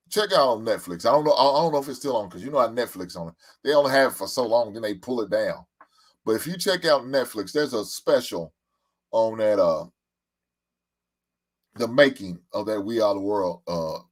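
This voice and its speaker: A man in his forties hosting a casual live stream, talking loosely and profanely, laughing and reading out comments from his chat. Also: medium pitch. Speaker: podcast host.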